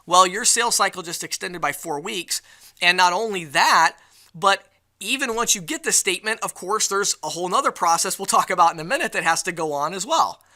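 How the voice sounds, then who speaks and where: A man giving a live sales training presentation at an event, lively and acting out the excuses customers give. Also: sits high, brisk. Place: event venue.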